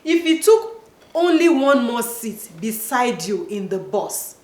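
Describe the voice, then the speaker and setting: Woman, nigerian accent, higher pitch, earnest direct chat to viewers, roomy echo. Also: very animated, takes it slowly. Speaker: host.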